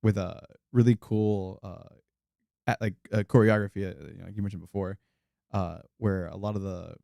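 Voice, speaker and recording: Young male co-host, low gravelly mellow tone, hesitant filler-heavy delivery. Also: steady tone, no echo, clean studio sound. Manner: halting, full of fillers and restarts. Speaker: podcast co-host. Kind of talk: casual movie chat.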